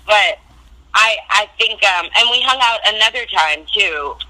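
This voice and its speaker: A woman's voice: medium pitch, expressive, unhurried, pushed and bright. A woman on a phone call telling blunt, profane stories in a casual interview. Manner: brash, profane, blunt storytelling. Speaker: reality TV guest.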